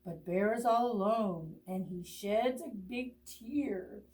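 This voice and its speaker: A woman librarian reading a picture book aloud to children, with expressive pauses, gasps and friendly asides to her young listeners. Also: mid-range voice, recorded from a distance. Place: library storytime video.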